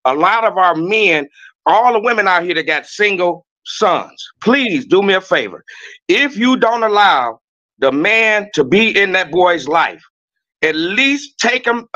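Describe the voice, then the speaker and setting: A man with a high, bright and forceful voice, ranting loudly as a podcast guest. He talks bluntly and curses a lot, stumbling and restarting as he goes. The sound is a little dull and lo-fi. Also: very animated, a little slow. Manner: loud, blunt and profane, with many restarts. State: a little nervous. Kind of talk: heated rant on a podcast.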